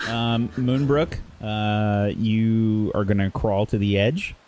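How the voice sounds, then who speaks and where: A man's voice: lowish voice, fairly even intonation, takes it slowly, a little mellow, soft background music. A man running a tabletop game, describing events in a plain, matter-of-fact way. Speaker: game master.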